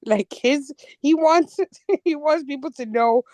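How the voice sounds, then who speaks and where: An animated woman co-hosting a podcast, her voice sitting a little high as she laughs often and stumbles over restarts. The sound is dry and close to the mic. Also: takes it slowly, dry recording. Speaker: podcast co-host. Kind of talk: casual chat.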